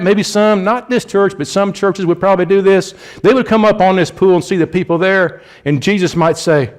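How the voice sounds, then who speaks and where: Man, Indianapolis accent, slightly high voice, folksy sermon delivery with restarts. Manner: conversational, rambling, frequent restarts and "you know". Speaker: lay preacher.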